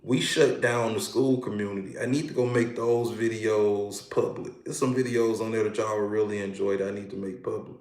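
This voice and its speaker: A man's voice: fairly low pitch, steady tone, normal speed, hardly any pauses, darkish tone, roomy sound. A man, a hypnotherapist, hosting a casual livestream, talking animatedly and greeting viewers by name.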